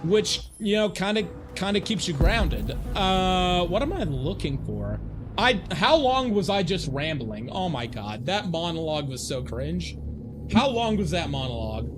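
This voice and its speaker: A man live-streaming a video game, talking in a rambling, profane, excitable way and laughing often. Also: a little high, a little slow, noisy background. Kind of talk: live gameplay stream chat.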